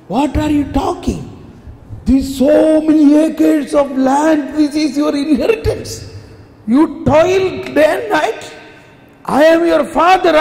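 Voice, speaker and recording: A preacher acting out an indignant old father who loudly scolds and pleads with his son. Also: very high-pitched, creaky, full character voice. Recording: echoey hall with long reverb.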